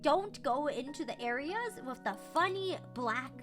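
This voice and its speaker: A woman's voice: high-pitched, animated, unhurried, fairly bright tone, soft background music. A young woman streamer chatting casually, bubbly and giggly, with casual swearing. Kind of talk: casual chat.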